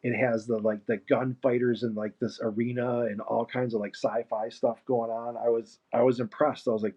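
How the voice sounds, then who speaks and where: A man's voice: medium pitch, flat delivery, moderate pace, hardly any pauses, warm tone, breathy edge. A man chatting casually and rambling while he paints on a live stream, laughing now and then. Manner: rambling, easygoing, laughs often. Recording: muffled lo-fi stream mic.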